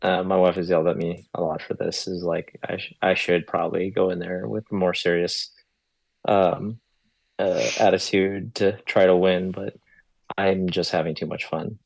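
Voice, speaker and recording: A man who is a podcast guest, chatting easily with frequent laughs and halting fillers. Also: sits low, level tone, creaky, no echo. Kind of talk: casual chat.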